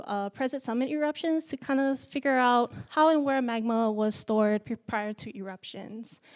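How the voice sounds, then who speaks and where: A young woman from Hawaii, giving a nervous, halting student presentation full of fillers. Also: on the high side, a little mellow. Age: young adult. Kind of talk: symposium presentation.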